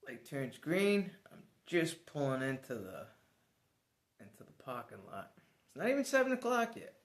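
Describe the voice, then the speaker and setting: A man telling a personal story to the camera in a casual vlog, animated and swearing now and then. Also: fairly high pitch, normal speed, echoey room. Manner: animated, swears, laughs as he tells it. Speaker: vlogger.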